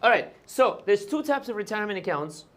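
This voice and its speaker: A man's voice: sits high, very animated, a little fast, a bit bright. A man hosting a live stream on business taxes. He talks in a loose, conversational way, keeps checking in with his viewers, and admits when he is unsure of a detail. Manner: conversational, checks in with "right?" and "okay?"; hedges on details. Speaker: host and tax advisor. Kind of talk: live Q&A explainer.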